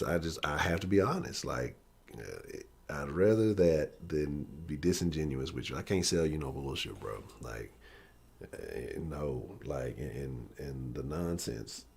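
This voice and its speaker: A man's voice: rumbling low, creaky, darkish tone. A man hosting a live-stream sports talk show, ranting bluntly and profanely. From Houston area.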